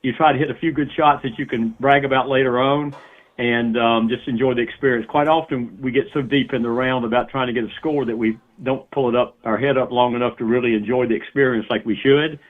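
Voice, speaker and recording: A man calmly giving golf advice as a guest on a radio talk show. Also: mid-range voice, brisk. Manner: calm, advising with filler restarts. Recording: tinny phone line.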